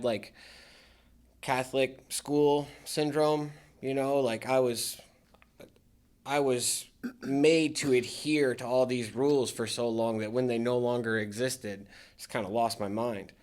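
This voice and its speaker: A man speaking as a podcast guest, a military veteran talking candidly about his recovery with dry sarcastic humor. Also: mid-range voice. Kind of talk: candid casual interview talk.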